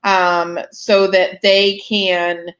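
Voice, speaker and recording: A woman's voice: mid-range voice, level tone, extremely slow, fairly bright tone. A woman hosting a live fundraising Q&A, chatting casually with many ums and self-deprecating asides, yawning and a bit short of breath. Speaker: host answering fundraising questions. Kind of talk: live Q&A chat.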